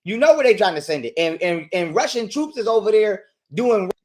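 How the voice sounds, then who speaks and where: Guy with a high voice going off on a stream, crude, loud and emphatic. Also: lively intonation, a little fast. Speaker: livestream guest. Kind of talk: profane livestream rant.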